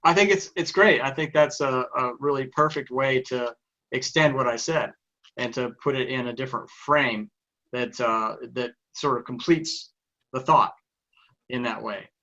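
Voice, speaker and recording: A man with a Texas accent speaks as an interview guest in a bright, forceful voice. He answers thoughtfully and at a measured pace. His sound comes through dull and muffled, like remote call audio. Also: medium pitch. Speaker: guest, life coach. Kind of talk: interview conversation.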